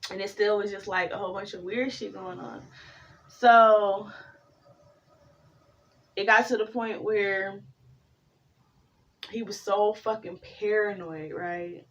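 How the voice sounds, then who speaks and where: A woman giving a casual tarot reading, talking, swearing freely and drifting into animated stories. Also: medium pitch, slow, pauses often, far from the mic, lo-fi sound. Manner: profane, rambling, animated storytelling. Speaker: tarot reader.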